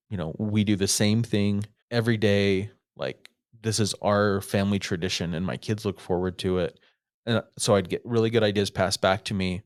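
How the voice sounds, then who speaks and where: A middle-aged man, a podcast guest, telling stories in a lively way and acting out what people said. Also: fairly low pitch, no room sound, clean studio sound. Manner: animated storyteller, acts out quotes. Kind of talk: casual storytelling interview.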